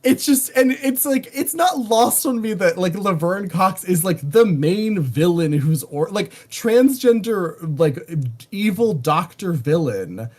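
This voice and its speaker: A podcast co-host in a casual movie review chat, animated and swearing, with lots of "like.". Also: medium pitch, a little slow, hardly any pauses.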